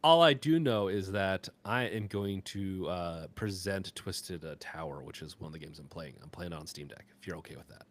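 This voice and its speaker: A man co-hosting a live gaming podcast, talking casually in a rambling, halting way full of fillers and restarts. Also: deep voice. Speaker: podcast co-host.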